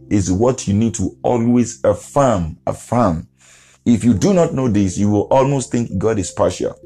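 A man's voice: fairly low pitch, warm tone. A man preaching an earnest devotional podcast sermon, repeating phrases for emphasis.

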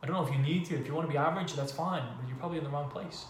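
A man's voice: on the high side, rapid-fire. Emphatic man in an echoey room. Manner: conversational, emphatic, uses rhetorical questions. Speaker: podcast host. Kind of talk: casual motivational monologue. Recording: echoey room with faint ambient noise.

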